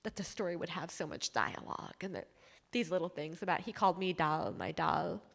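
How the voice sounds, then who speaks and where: A woman's voice: on the low side, expressive, a little fast, vocal fry. Emotional woman author on stage. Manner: emotional, laughing, reflective. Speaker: author and journalist guest. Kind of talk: onstage interview. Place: community stage event with audience.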